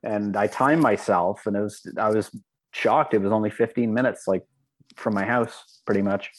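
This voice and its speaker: Relaxed chatty man. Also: on the low side, moderate pace, low-quality recording. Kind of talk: casual podcast chat.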